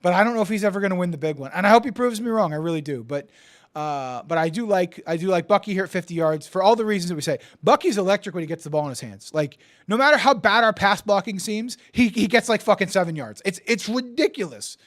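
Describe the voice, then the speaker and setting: A man co-hosting a casual sports betting chat, excitable and profane, often stammering and restarting, swinging from yelling to muttering. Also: high voice, quick pace. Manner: die-hard team fan, swings from yelling to muttering. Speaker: podcast co-host.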